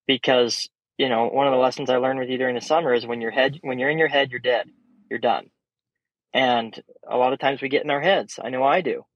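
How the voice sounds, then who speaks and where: Give me an animated young man telling casual podcast stories, dull recording. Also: mid-range voice, a little fast, no echo. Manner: animated, swears freely, many fillers. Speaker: podcast guest. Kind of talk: casual storytelling chat. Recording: dull, slightly muffled sound.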